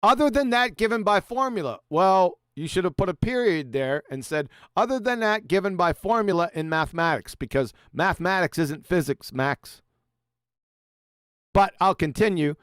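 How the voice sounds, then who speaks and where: A man's voice: high voice, animated, moderate pace, fairly bright tone, no echo, studio quality. A man hosting a live stream discussion, reading quotes aloud and mocking them with sarcastic asides. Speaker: host.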